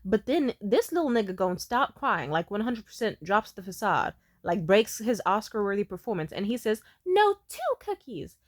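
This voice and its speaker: A woman in her twenties telling a story in a blunt, profane, animated way, as a vlogger. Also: mid-range voice, moderate pace, hardly any pauses, no echo, clean studio sound. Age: 20s. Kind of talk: casual storytime monologue.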